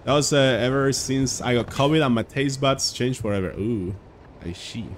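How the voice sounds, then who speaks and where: A man's voice: mid-range voice, moderate pace, a little hiss or hum. A young man streaming a video game live, chatting casually with viewers and reacting aloud to the game. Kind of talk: casual live gameplay chat.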